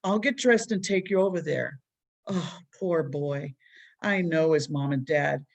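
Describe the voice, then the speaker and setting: A woman voicing a kind mother who calms her son gently. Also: deep voice, measured pace, gravelly, exaggerated voice. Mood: soothing. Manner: gentle, calm.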